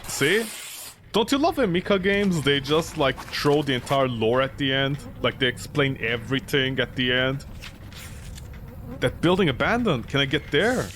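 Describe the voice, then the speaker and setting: A man's voice: mid-range voice, animated, moderate pace, a bit bright, a little hiss or hum. A man streaming a horror game, rambling and joking as he talks back at it. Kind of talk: let's play commentary.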